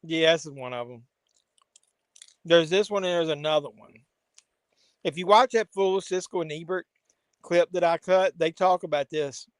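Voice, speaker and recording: A man's voice: a little high, no echo. A man hosting a casual live watch-along, making wry, joking asides as the film plays. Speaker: host.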